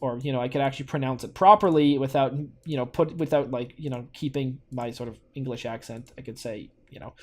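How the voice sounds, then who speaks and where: A young man from Canada casually commenting on his own gameplay, thinking out loud with lots of fillers and restarts. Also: medium pitch. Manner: rambling, thinks aloud with many fillers and restarts. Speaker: gaming channel host.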